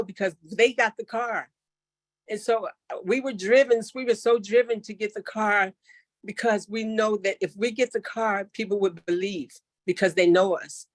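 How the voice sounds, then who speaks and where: A woman's voice: medium pitch, no echo, studio quality. Earnest woman sharing a heartfelt testimonial. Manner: earnest, heartfelt, many fillers. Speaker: network marketing member sharing her story. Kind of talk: emotional testimonial on a call.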